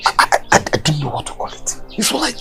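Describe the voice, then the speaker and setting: A man's voice: fast talker, music in the background, natural voice. An actor with a Nigerian accent playing a young man frantically telling his father how he escaped being killed. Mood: frantic. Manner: frantic, breathless storytelling with shouts. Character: young man who fled execution.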